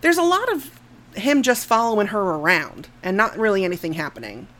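A woman's voice: medium pitch, very animated, fairly quick, fairly bright tone. Sweary, laughing woman podcaster. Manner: frank and sweary, laughs often, trails off mid-sentence. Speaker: podcast co-host. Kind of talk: casual movie review chat.

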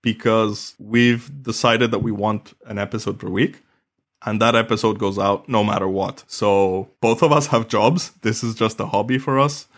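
A man talking casually as a podcast co-host, lively and quick to laugh. His voice climbs sharply when he gets worked up, then settles back into easy chat. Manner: animated, laughs often, rises in pitch when excited.

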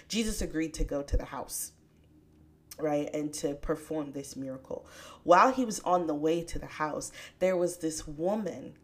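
A woman hosting a podcast, talking about scripture in a casual, chatty way with bursts of excitement. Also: low-pitched, moderate pace. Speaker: podcast host. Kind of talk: casual faith podcast talk.

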